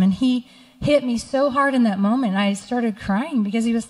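A woman's voice: on the high side, moderate pace, a little mellow. A middle-aged woman pastor giving a sermon, telling personal stories and reading scripture aloud. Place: church sanctuary. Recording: church hall reverb.

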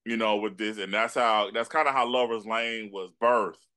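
A man's voice: lowish voice, clean tone. A man, an actor and producer, telling stories as a guest in a casual chat. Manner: relaxed, unhurried storyteller. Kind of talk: casual conversation.

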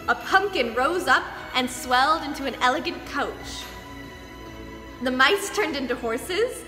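A young woman dance teacher reading a storybook aloud to children, lively and expressive. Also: high-pitched. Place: dance studio. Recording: echoey studio hall, faint music.

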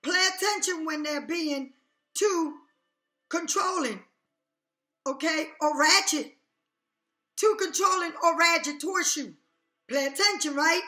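A woman's voice: extremely high pitch, measured pace, long pauses, sharp tone, reverberant. A woman giving a casual tarot reading, talking emphatically, repeating herself and checking in with "okay?" often. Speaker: tarot reader.

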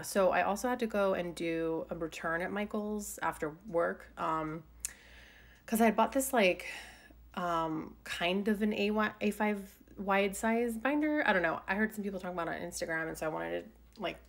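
A woman's voice: lowish voice, vocal fry. A young woman chatting casually through a voiceover about her week, rambling with lots of fillers. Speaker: planner vlogger. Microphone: desk mic voiceover.

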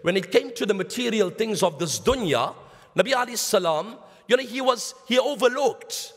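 A high-pitched man with a South African accent delivers a sermon, telling stories and calling his listeners brothers while slipping in Arabic phrases. His voice rings through the long reverb of a mosque hall. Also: animated, moderate pace. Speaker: Islamic lecturer.

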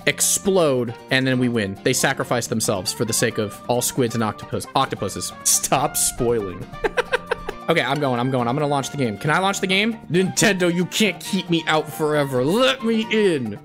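A man's voice: mid-range voice, moderate pace, fairly bright tone, faint music behind. A man streaming a video game live, joking around playfully and laughing a lot as he comments. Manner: playful, goofy, bursts of laughter; mock-threatening jokes. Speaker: gaming streamer.

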